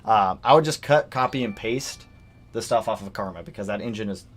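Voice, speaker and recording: A young man hosting a casual livestream about cars, animated as he reads donations and reacts to news. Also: lowish voice, a little fast. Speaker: livestream host.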